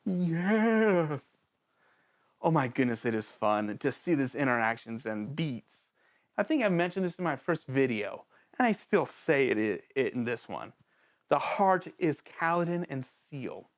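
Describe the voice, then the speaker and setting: A channel host giving a casual, excitable spoken book review, joking around and talking straight to the author and characters. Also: unhurried. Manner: excitable and jokey, with big swings in pitch; addresses the author and characters directly, playful slang.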